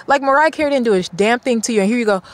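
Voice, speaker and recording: A woman's voice: on the high side, rapid-fire. A woman vlogger ranting in blunt, exasperated casual commentary, swearing often.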